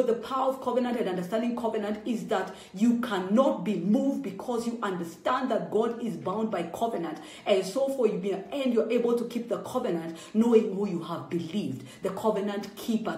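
A woman's voice: on the high side, darkish tone. A middle-aged woman preacher giving an emphatic personal testimony as a sermon, her voice rising when she pleads. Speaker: apostle preaching. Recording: roomy echo.

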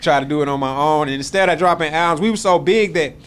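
A man talking casually in an interview, slangy and animated, his voice jumping up when he gets worked up. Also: fairly high pitch, quick pace, clean tone. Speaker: rapper guest.

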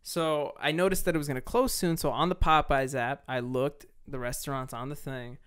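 A man's voice: mid-range voice, normal speed, clear, resonant tone. Profane rambling man telling a story. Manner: rambling, profane, animated storytelling with many restarts. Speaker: podcast host. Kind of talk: casual storytelling chat.

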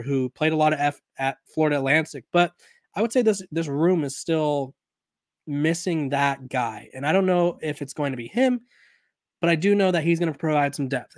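A man's voice: on the high side, dry recording, clean studio sound. A man hosting a sports podcast in a casual, conversational way, often restarting and correcting himself, while he has the hiccups. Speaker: podcast host.

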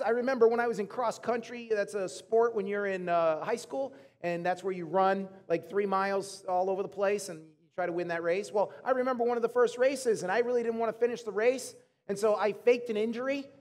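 High-voiced pastor preaching in a reverberant hall. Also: male voice, a little fast. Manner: animated, chatty storytelling to the congregation. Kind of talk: sermon. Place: church auditorium.

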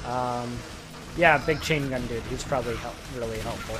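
A man giving jokey gameplay commentary, swinging from loud excited outbursts to quiet muttering. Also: medium pitch, normal speed. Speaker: let's play gamer.

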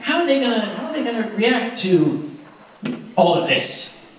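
A man tells anecdotes to a convention crowd in a lively, fairly high voice that rises and falls a lot. He talks conversationally with restarts, and the sound is echoey and far from the mic with faint noise. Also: measured pace. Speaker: storyteller. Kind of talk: anecdotal storytelling to a live audience. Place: convention room.

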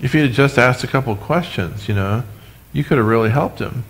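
A man preaching a sermon as pastor, animated, with humorous asides, speaking to his congregation and online viewers. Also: medium pitch, a little fast. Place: church sanctuary, recorded for live stream.

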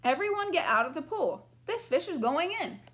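A teacher reading as a loud, eager storybook fireman who yells his orders. The pitch is high and the delivery lively. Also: normal speed, heavily acted. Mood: shouting. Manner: shouting, eager.

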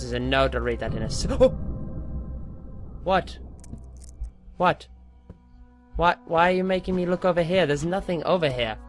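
Jokey gamer with a higher voice. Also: male voice, a bit bright. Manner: jokey, rambling, narrates his own moves. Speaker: let's play gamer. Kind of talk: horror game commentary.

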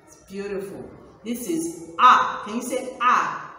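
A woman teaching a phonics lesson to small children, speaking in a slow, exaggerated, sing-song, encouraging way. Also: mid-range voice, bright, forceful tone. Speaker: pre-nursery teacher. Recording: echoey room from far off.

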